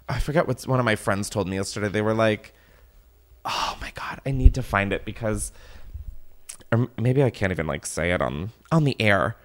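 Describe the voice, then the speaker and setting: A man's voice: on the low side, expressive, moderate pace. A man hosting a podcast, ranting casually and exasperatedly with lots of swearing. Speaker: podcast host.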